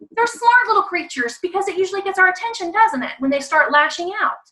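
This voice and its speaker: A woman's voice: on the high side, sharp tone, recorded from a distance, rough recording. A woman from the American South gives an online parenting talk, speaking emphatically and often asking the audience rhetorical questions.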